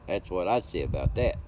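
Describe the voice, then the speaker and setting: Folksy older man, low voice. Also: noisy background. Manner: folksy, rambling, greets chat by name. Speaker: livestream host. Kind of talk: casual chat with viewers. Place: home.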